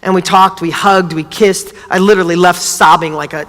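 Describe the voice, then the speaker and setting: A middle-aged man giving a motivational talk, telling a family story with lively acted-out dialogue. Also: sits high, a little fast, big-room sound. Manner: animated storytelling, acts out dialogue. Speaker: speaker.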